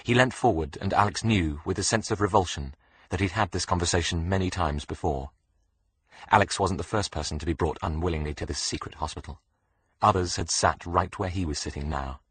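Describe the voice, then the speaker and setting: A man narrating a thriller audiobook with a very deep, husky voice. His reading is steady and measured, and the recording is close and dry. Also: no room sound. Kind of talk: scripted narration.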